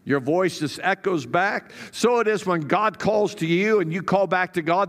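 Preaching pastor, higher-pitched man. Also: fairly bright tone. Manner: preaching with dramatic rises for quoted prayers and trailing drops at phrase ends. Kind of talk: sermon.

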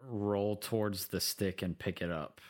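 A man's voice: on the low side, steady tone, measured pace. A man playing a tabletop game, talking hesitantly with lots of likes and ums and asking about the rules. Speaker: player. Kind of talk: casual tabletop play.

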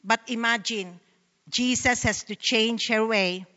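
Reading a Bible passage and then explaining it, a Filipino woman from the Philippines gives an earnest sermon as a Bible study speaker. Her slightly high voice is a little slow, pushed and bright, and the muffled recording has a long reverb tail.

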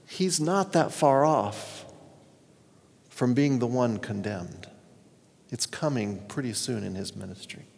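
A man's voice: mid-range voice, slow, vocal fry, pauses often, a little mellow. A man preaching a sermon as a pastor, retelling scripture stories in an earnest way. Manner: earnest storytelling, reads scripture aloud. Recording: long reverb of a hall.

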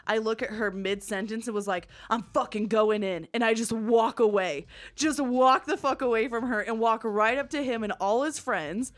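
Profane, animated young woman podcast host. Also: fairly high pitch. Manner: profane, animated, fast storytelling. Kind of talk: casual storytelling chat.

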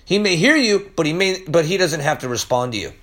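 A man with a high-pitched voice preaches a verse-by-verse sermon podcast. He is emphatic and insistent, and often trips over restarts and repeated words. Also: lively intonation, a little fast, a bit bright.

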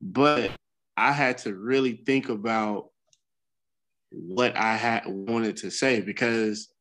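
A man's voice: lowish voice, takes it slowly, fairly bright tone, poor audio. A middle-aged man, a podcast co-host, talking candidly in casual chat and swearing freely as he tells a story. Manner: candid, profane storytelling with bursts of laughter.

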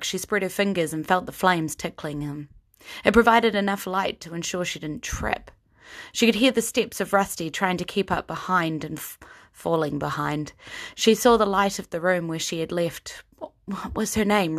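Woman gm narrating a fantasy tale, steady, lowish voice. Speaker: narrator and game master. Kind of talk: narrating a fantasy story in a tabletop game.

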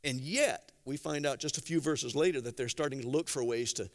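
A man preaching a sermon, telling stories conversationally with gentle humor and acting out quotes. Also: mid-range voice, brisk. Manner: animated storytelling with acted-out quotes. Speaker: pastor.

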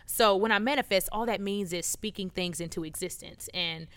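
A woman guest in a casual interview, telling animated stories and acting out what people said. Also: medium pitch, moderate pace, clear, resonant tone, dry recording. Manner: animated storyteller, acts out quotes.

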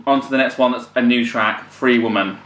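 A man hosting a casual album reaction, excitable and swearing, now and then singing along. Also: mid-range voice, fairly quick. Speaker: music reaction channel host. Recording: echoey room with loud music behind. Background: music playing.

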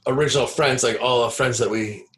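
A man's voice: medium pitch, fairly even intonation, fairly quick, fairly bright tone. A man in his forties, a podcast guest, telling stories in a blunt, rambling way. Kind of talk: casual storytelling chat.

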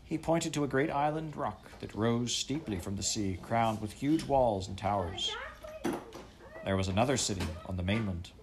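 A man narrating a children's story aloud in a measured storytelling manner. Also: lowish voice, noisy background. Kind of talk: audiobook reading.

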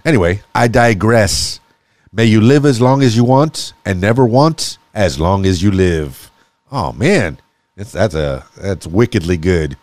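A man's voice: lowish voice, lively intonation, moderate pace, a little mellow, dry recording. A man hosting a casual solo podcast, reading sayings aloud and musing on them with small chuckles and restarts. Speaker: podcast host.

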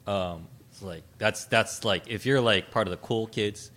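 A man co-hosting a podcast, telling an anecdote in an animated, casual way. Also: fairly low pitch, measured pace. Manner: storytelling, animated, laughs at own jokes. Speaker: podcast co-host. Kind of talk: casual chat.

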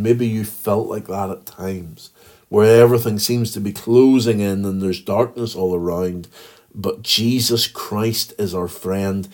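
Slow, earnest Northern Irish pastor. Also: male voice, on the low side, fairly even intonation, darkish tone. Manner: earnest, reads scripture aloud slowly. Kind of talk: daily devotional podcast talk.

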